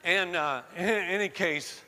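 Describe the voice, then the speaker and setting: In a large hall, a pastor from the American South delivers a sermon in a slight Southern accent, his high-pitched, sharp voice moving a little slowly. He starts conversational and story-like, then climbs to fervent emphasis.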